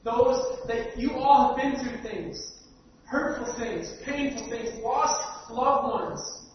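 A male preacher giving an earnest sermon, stumbling over repeated words and swinging between loud stress and near-quiet. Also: very high-pitched, takes it slowly. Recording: dull, echoey hall from far off, faint hiss.

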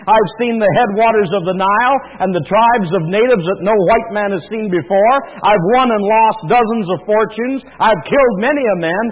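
A man's voice: sits high, pitched above the performer's own voice. A man voicing a tough, proud old war veteran, declaiming boastfully and defiantly. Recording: thin phone-like sound in a reverberant hall with mains hum.

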